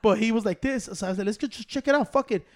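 A man's voice: high voice, quick pace. A man telling a profane story in casual chat, switching into Spanish and acting out the people in it. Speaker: storyteller among friends.

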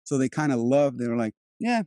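A man's voice: medium pitch, a little fast, warm tone, no echo, studio quality. A man raised in Europe, an actor, talking in a loose, rambling casual conversation with many restarts. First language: Turkish. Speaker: actor and host.

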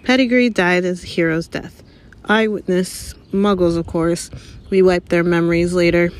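A woman's voice: lowish voice, fairly even intonation, moderate pace, lightly acted. A woman voicing a pompous, anxious middle-aged male government minister in an audiobook, grave and official in manner. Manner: grave, official, speaks bitterly and sharply.

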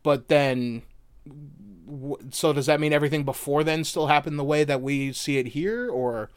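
A man's voice: on the high side, normal speed, clear, resonant tone, dry recording, studio quality. A man co-hosting a podcast, loose and chatty, swearing casually as he breaks down a video game. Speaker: podcast co-host.

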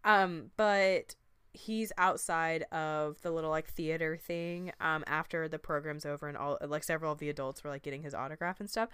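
A woman's voice: deep voice, moderate pace, clean tone, no echo, studio quality. A woman co-hosting a podcast, chatting casually about a movie and acting out little quotes. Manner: chatty, animated, lots of fillers and acted-out quotes. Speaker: podcast co-host. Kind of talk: casual chat reviewing a movie.

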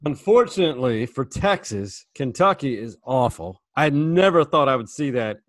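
A man's voice: medium pitch, animated, normal speed, no echo, clean studio sound. A man co-hosting a casual sports chat, tossing in teasing asides. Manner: laughing, teasing interjections. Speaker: podcast co-host.

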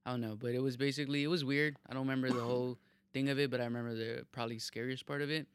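A young man rambling casually on a podcast, swearing freely and stumbling into restarts as he tells a story. His voice sits at a middling pitch for a man, recorded dry and close. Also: level tone, smooth, no room sound. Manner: rambling, profane, halting restarts. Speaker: podcast co-host. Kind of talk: casual chat.

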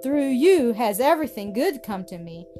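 A woman reading aloud, voicing a poor, gentle old spinster who exclaims with strong feeling. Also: a little high, big pitch swings, normal speed. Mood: grateful. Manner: emotional, exclaiming. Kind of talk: storybook reading. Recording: music playing behind.

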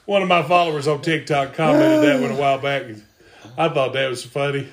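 A man's voice: a little high, sing-song, brisk, over a noisy crowd. A man telling jokes casually.

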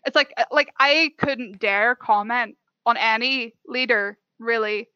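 A woman's voice: a little high, unhurried, bright, forceful tone, clear, resonant tone, no echo. A young Irish woman in casual debate chat, blunt and swearing freely, with exasperated teasing. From Ireland. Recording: dull lo-fi audio.

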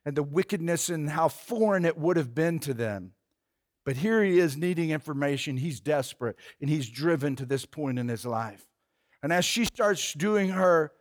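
A male preacher giving a sermon, retelling a story in an animated way with casual fillers. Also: a little high.

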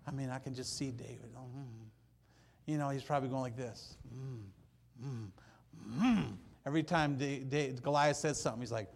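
A man preaching a sermon, telling the story with animated, acted-out scenes that swing from loud to hushed. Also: medium pitch, normal speed, a little hiss or hum.

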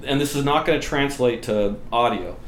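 A man with a medium-pitched voice and moderate pace guests on a podcast, laughing as he tells blunt, profane stories in a casual way. The room is echoey and the noise is clearly audible.

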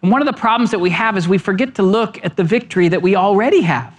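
Male pastor, lively sermon delivery, big pitch swings, emphatic rhetorical questions. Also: fast talker.

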